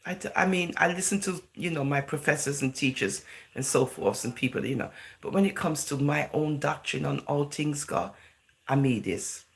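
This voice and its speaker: This is a casual vlog monologue from a woman from England whose voice sits low and sounds gravelly, delivered at normal speed. She chats and rambles, leaning on fillers like "you know" and "right?" while sliding into Jamaican-style expressions.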